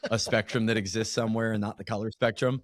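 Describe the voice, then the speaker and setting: A man talking as a guest on a podcast interview in a casual, animated way, with frequent restarts and slang. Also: on the low side, fast talker, a little hiss or hum.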